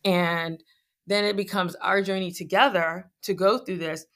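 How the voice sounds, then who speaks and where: A woman's voice: lowish voice, steady tone, a little slow, fairly bright tone. A middle-aged woman, a physician guest, talking in a chatty, joking, conversational way. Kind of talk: conversational interview.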